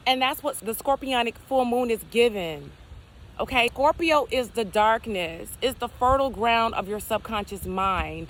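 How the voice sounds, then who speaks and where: Woman, fairly high voice, spiritual talk, repeating affirmations, outdoors. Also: lively intonation, normal speed, fairly bright tone. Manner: repetitive affirming, rhetorical what-if questions. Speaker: spiritual content creator. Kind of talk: casual spiritual talk to camera. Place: outdoors, near geese and trees.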